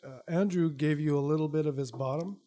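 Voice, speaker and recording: A man's voice: a little high, fairly quick, warm tone, soft background music. A man in casual podcast banter, teasing and playful.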